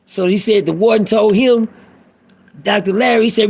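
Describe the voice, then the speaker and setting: A man's voice: high-pitched, steady tone, moderate pace, creaky, a little mellow, slightly rough. A middle-aged man talking in a casual monologue, telling a profane, preachy prison story in street talk. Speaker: vlogger.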